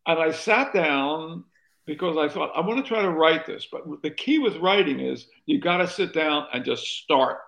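Gravelly older man telling rambling stories. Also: fairly high pitch, animated, normal speed, fairly bright tone, lo-fi sound. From North Carolina, USA. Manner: rambling anecdotal storyteller, restarts often. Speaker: author and former talk show host. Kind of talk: interview guest telling stories.

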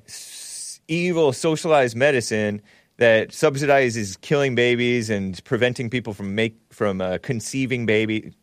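A man hosting a talk show, giving casual political commentary in a mocking tone with laughing asides and sudden jumps in pitch. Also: no room sound, clean studio sound.

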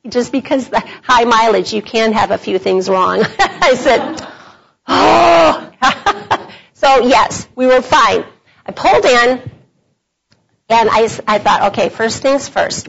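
A woman's voice: mid-range voice, gravelly. A middle-aged woman speaking at a women's conference workshop, telling a personal story in a chatty devotional style with frequent laughs. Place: meeting room at a conference. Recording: dull lo-fi conference audio.

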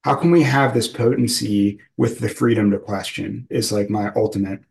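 Rambling low-voiced male interviewer. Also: moderate pace, creaky, a little mellow, poor audio. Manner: rambling, searching for words, many fillers. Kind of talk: casual conversational interview.

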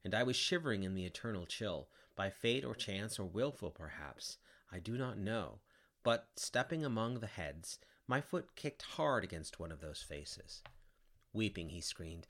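A man reads epic verse aloud with a theatrical flair. His fairly low voice has a bright edge and rises and falls with a lot of drama. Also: measured pace. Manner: expressive, theatrical. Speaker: reader. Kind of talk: dramatic poetry reading.

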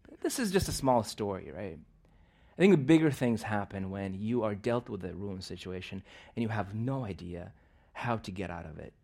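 A man preaching in a church, opening in prayer and then telling a personal story with frequent laughs, swinging between loud bursts and quiet asides. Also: on the low side, animated, moderate pace, creaky.

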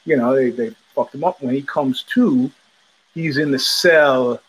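A man hosting a podcast, telling a story in a loose, animated way and acting out the voices of the people in it. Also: medium pitch, unhurried, husky, poor audio. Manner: animated, profane, acts out quoted voices. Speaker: podcast host. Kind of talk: casual storytelling monologue. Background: child heard in the background.

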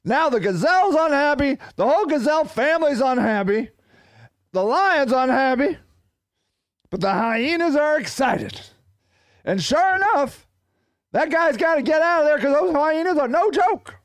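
A man's voice: very high-pitched, moderate pace, no room sound. A man hosting a podcast, telling rambling, playful stories in casual solo chat. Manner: animated, rambling, playful storytelling. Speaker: podcast host.

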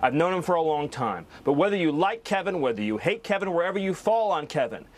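A man with a notably high voice delivers cable news commentary. He sounds outraged the whole way through and never drops his loud, steady volume.

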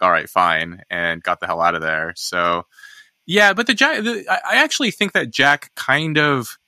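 A man's voice: fairly low pitch, pushed and bright, dry recording. A man hosting a podcast, chatting casually and thinking aloud with lots of restarts. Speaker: podcast host. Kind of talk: casual discussion.

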